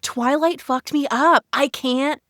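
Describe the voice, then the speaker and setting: A woman's voice: high-pitched, slow pace, a bit bright, no echo, clean studio sound. A woman guesting on a book podcast, gushing emphatically and swearing freely. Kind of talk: casual chat.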